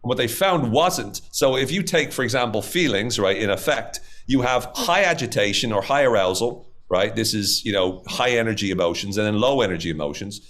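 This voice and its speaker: A man's voice: on the low side, lively intonation, brisk, hardly any pauses, a bit bright. A man talking as a podcast guest, explaining ideas in casual conversation, with many fillers and lists of examples. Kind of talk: casual interview talk.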